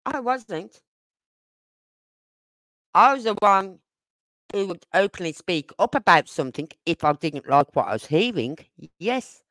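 A livestream host from Birmingham, this older woman has a mid-range, slightly bright voice and a Brummie accent. She's outspoken and rambles casually from one point to the next. Her audio comes across smooth, clear, dry and close, with no echo.

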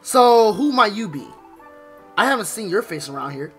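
Game lizard partner, young boy, excited and shrill, high and lively, voiced by a man. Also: normal speed, soft background music. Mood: hyped.

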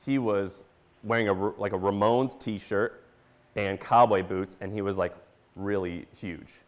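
A man from Missouri giving a casual conference talk, animated and full of fillers, acting out his own reactions as he tells stories. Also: on the low side, measured pace. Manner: animated, storytelling with quoted reactions and filler words. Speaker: conference speaker.

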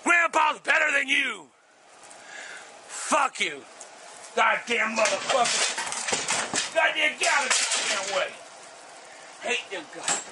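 Shrill cursing older man, ranting. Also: sing-song, takes it slowly, pauses often, noisy background. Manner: explosive, cursing, shouts in bursts. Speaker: show regular, angry grandpa. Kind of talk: profane ranting to camera.

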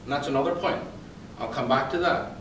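A man giving a motivational talk to an audience, telling stories and quizzing the crowd in a lively way. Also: mid-range voice, a little fast, slight background noise. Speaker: conference speaker and psychologist. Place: event hall. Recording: roomy hall, distant pickup.

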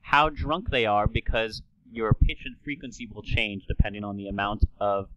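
A man's voice: fairly low pitch, moderate pace, fairly bright tone, highs cut off, a little hiss or hum. A man hosting a podcast, explaining things in an enthusiastic, lecturing way. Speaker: podcast host.

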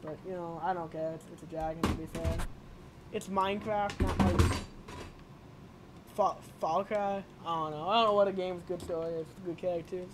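A woman's voice: lowish voice, steady tone, moderate pace, over loud music. A woman with a lisp doing rambling, profane let's play commentary, often yelping and shrieking. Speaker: gaming video creator.

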